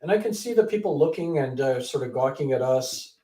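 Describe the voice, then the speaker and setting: Animated man telling a story in an echoey room. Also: mid-range voice, brisk. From Canada. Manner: animated storyteller who acts out quoted people. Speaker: author and guest. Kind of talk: interview storytelling. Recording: echoey room, distant from mic.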